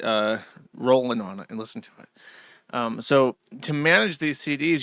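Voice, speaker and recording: A man in his thirties hosts his own show, rambling through a casual, profane monologue aimed at his chat. His voice is sharp and forceful, set at an ordinary middle pitch. The sound is dry and close, with little room around it. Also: no echo. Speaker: host.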